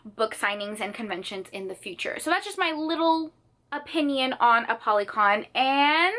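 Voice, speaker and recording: A woman's voice: a little high, expressive, moderate pace, bright, forceful tone. A young woman chatting in a bubbly, gushing way for her book haul vlog, telling dramatic stories from her room. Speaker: book vlogger. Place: sitting on the floor of her room.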